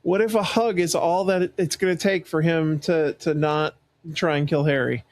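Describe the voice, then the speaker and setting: A man co-hosting a podcast, casually reading out questions and chatting in a relaxed way. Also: on the high side, moderate pace, dry recording. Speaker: podcast co-host asking the questions. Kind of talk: casual chat.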